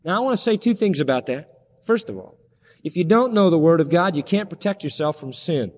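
A man preaching a sermon as pastor, pleading and impassioned, with his pitch climbing sharply at the high points. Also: expressive, brisk, big-room sound.

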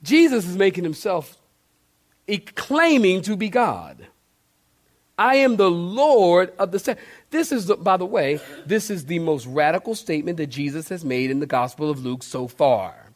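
A man preaching a sermon as pastor in a church, animated and talking straight to the congregation, sometimes acting out shouts. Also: a little high, normal speed.

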